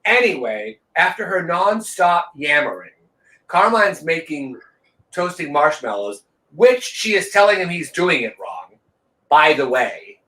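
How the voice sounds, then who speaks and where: Male co-host, profane and animated raconteur; higher-pitched voice in an echoey room. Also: measured pace. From Los Angeles. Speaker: podcast co-host. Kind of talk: casual chat storytelling.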